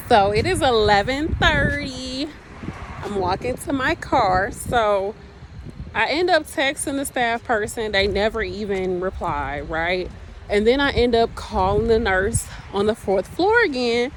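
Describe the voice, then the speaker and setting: A young agency nurse vlogs to her viewers as a group, ranting casually and with exasperation while swearing freely. Her mid-range voice has lively intonation and a measured pace, with faint music in the background.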